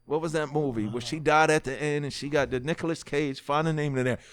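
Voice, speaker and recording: Animated New York man telling a story. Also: on the high side, fast talker, smooth. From United States. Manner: animated storyteller who acts out dialogue, swears freely. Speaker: podcast guest, rapper. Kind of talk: storytelling in a casual interview.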